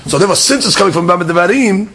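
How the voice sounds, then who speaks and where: A man teaching a Talmud class, explaining passages with lively emphasis, mixing Hebrew-Aramaic terms into English and repeating words as he works through the argument. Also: high-pitched, fast, crowd noise.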